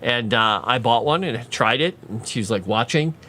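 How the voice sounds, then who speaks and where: Male streamer, casual tangent-prone chatter, animated intonation. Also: medium pitch, moderate pace, slight background noise. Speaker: writer streaming his lore writing. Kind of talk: casual livestream chat with viewers.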